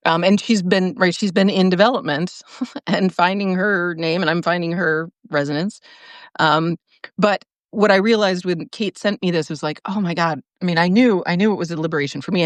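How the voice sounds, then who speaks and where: A woman's voice: on the low side, dry recording. Rambling, laughing woman host, dry sound. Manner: rambling stream of consciousness with frequent laughs; many restarts and fillers. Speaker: podcast host. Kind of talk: casual livestream monologue.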